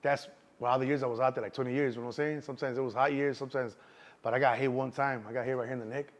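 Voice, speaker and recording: Fast-talking Chicago man with street slang. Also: mid-range voice, steady tone. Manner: streetwise slang, keeps saying "you know what I'm saying". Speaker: interview guest. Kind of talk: casual storytelling.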